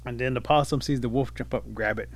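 A man tells a traditional animal folk tale in a relaxed, conversational style, with the occasional filler and pause. His voice sits at an ordinary middle pitch. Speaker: storyteller. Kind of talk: oral folk storytelling.

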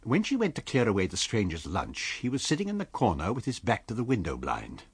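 A man with a low, slightly husky voice tells a classic tale in measured storytelling. His pitch rises and falls with lively expression, and the sound is close and dry, like a studio radio reading. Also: no room sound. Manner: measured storytelling, voicing characters lightly. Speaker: audiobook reader.

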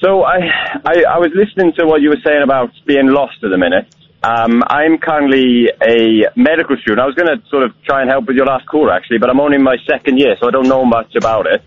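A young man in his twenties calling a radio show in a put-on Welsh accent, energetic and stumbling over restarts. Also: medium pitch, quick pace. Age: 20s. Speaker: caller. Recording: tinny phone line.

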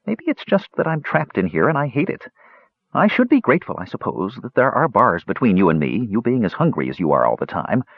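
A man's voice: fairly low pitch, very animated, a little fast, gravelly, husky, no echo, heavily acted. A man voicing a nervous, confused male squirrel who talks in an anxious, fretful way. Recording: slightly dull lo-fi recording.

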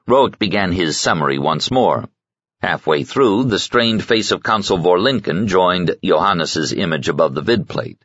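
A deep-voiced man narrates a science fiction novel. His delivery is lively, with his pitch rising and falling widely. The booth recording is dead dry and a touch muffled. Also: moderate pace, breathy edge, no room sound. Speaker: audiobook narrator. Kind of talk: scripted audiobook narration.

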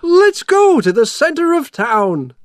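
Storybook mayor, a fussy excited man, very high and shrill, as the narrator puts him on. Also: slow, no room sound, studio quality, heavily acted. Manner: urgent, calling out.

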